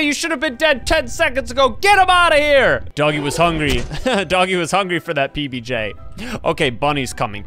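A man narrates his gameplay in a high, bouncy voice that leaps up and down constantly. His tone is bright and sharp, and he laughs and teases other players as he goes. Faint game music plays behind him. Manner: excitable, laughs often, playful trash talk. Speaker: gaming channel host. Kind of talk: let's-play commentary.

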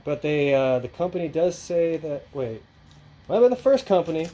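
A man's voice: a little high, very animated, normal speed, warm tone, rough recording. A man hosting his own channel, talking casually and rambling through an unboxing with lots of fillers and restarts. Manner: rambling, filler-heavy, offhand. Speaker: channel host.

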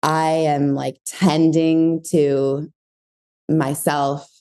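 A woman's voice: low voice, flat delivery, extremely slow, dark tone. A woman, a parenting coach, talking in a casual interview, reflective and searching for her words with many fillers. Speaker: parenting coach, podcast guest.

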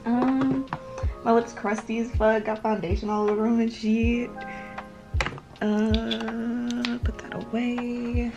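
A woman with a Southern American accent chats away casually at home as she gets ready, swearing freely and wandering between thoughts. Her voice carries a gravelly, fry-tinged texture, and music plays clearly underneath her. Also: on the high side, little pitch movement, slow. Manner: chatty, swearing, rambling with fillers. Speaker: vlogger. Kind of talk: casual chat.

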